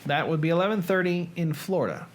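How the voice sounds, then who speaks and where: A man's voice: on the high side, fast talker, a little hiss or hum. A man hosting a casual livestream from his home editing room, chatting and greeting viewers by name. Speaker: host.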